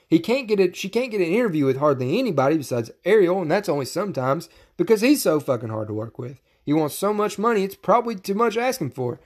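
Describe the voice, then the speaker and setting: A man's voice: high-pitched, a little mellow. Profane ranting man talking fights. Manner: profane, ranting, gets worked up. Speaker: podcast host. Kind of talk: casual MMA podcast commentary.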